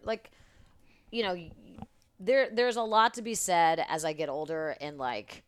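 A woman in her thirties telling a rambling, animated story as a podcast guest, swearing freely. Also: fairly low pitch, measured pace, smooth, no room sound. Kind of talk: casual storytelling chat.

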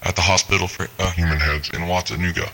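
A man voicing a robot that mimics an old grandpa, leaving a halting, rambling message that repeats itself. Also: sits low, fairly even intonation, bright, forceful tone, poor audio. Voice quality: gravelly, halting, repeats words.

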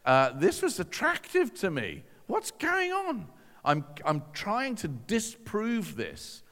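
A man's voice: a little high, wildly swooping pitch, slow pace, fairly bright tone. A man giving a personal testimony to an audience in a conversational, self-deprecating storytelling manner with dry asides. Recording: long reverb from a large hall.

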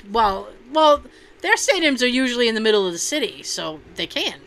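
A woman's voice: fairly high pitch, big pitch swings, moderate pace, a bit bright. A woman hosting a casual chat, reading posts aloud and reacting with loose, profane jokes. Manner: profane, laughing, loose and joking.

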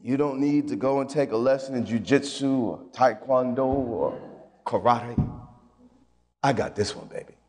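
A man preaching a sermon as a pastor, energetic and conversational, with casual asides. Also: mid-range voice, moderate pace, long reverb tail, slight background noise.

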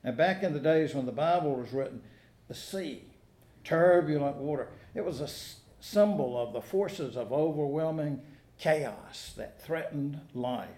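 A pastor with a slightly mellow, high-leaning voice preaches at a measured pace with lively intonation. He tells folksy stories with dry humor and asks the congregation rhetorical questions, all in an echoing church sanctuary.

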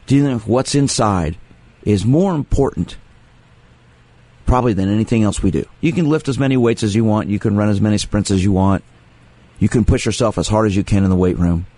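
Male radio host, sports psychologist type, low voice, dry studio sound, earnest and emphatic delivery. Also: moderate pace, warm tone, no echo. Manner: earnest, emphatic with repeated phrases. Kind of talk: radio talk monologue taking calls.

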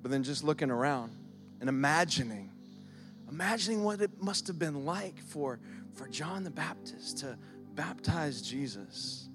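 A man in his thirties or forties, a pastor preaching a sermon in a lively, conversational way, using props and acting out prayers. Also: on the high side, unhurried, music in the background. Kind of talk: sermon with object lessons. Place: church service.

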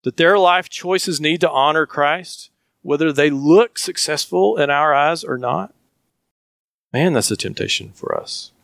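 A man's voice: on the high side, expressive, unhurried, gravelly, fairly bright tone, no echo, clean studio sound. A man with a Southern US accent preaching a sermon as a pastor, earnest and emphatic, often asking questions.

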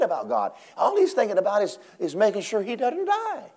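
Man, preaching a sermon, very lively pitch, dramatic swings between hushed and loud. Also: fairly quick, hardly any pauses, slightly rough. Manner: animated, dramatic swings from low murmurs to high acted cries.

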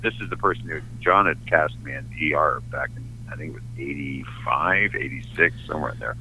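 A man's voice: very deep voice, a little fast, pushed and bright, slight background noise, rough recording. An older man from Canada, an actor, telling candid and emotional stories from his life in an interview, often restarting his sentences. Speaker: actor guest. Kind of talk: anecdotal interview storytelling.

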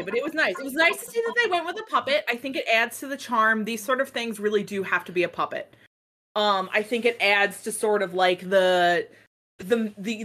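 A woman co-hosting a casual podcast chat, rambling and animated, swearing freely. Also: medium pitch, slight background noise. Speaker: podcast co-host.

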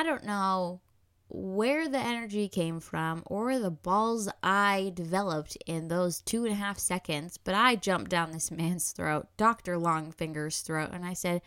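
A woman's voice: lowish voice, unhurried, fairly bright tone, smooth, dry recording, clean studio sound. A woman candidly telling her own birth story, earnest and emotional, often breaking into small nervous laughs.

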